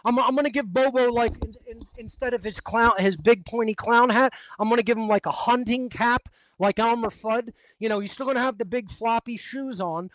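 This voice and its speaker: A man's voice: extremely high pitch, dry recording, low-quality recording. A man giving a heated, profane monologue as an interview guest, ranting with hard emphasis.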